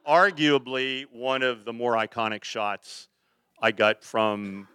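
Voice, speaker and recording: An older man, a photographer, telling lively rambling anecdotes to a live audience, slipping into acted quotes. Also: medium pitch, takes it slowly, clean tone.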